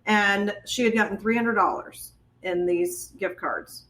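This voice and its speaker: A woman guest on a podcast, recounting a family story in a relaxed, conversational way. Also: medium pitch, a little slow, rough recording. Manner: conversational, with fillers and restarts. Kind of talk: casual storytelling.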